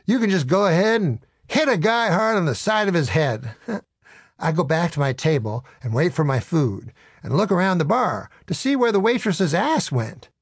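Male audiobook narrator reading his memoir; deadpan, wry delivery, dry close studio sound. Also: fairly high pitch, normal speed, husky, dry recording.

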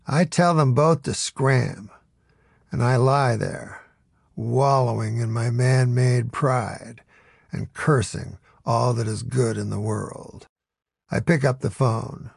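A man reads a first-person audiobook story in a wry, storytelling way. His delivery is slow and gravelly. The recording is close and very dry. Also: medium pitch, no echo. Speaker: narrator.

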